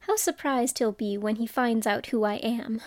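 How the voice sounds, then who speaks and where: Woman reading as young alice, earnest, musing to herself, high voice, dry close sound. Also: normal speed, no room sound, lightly acted.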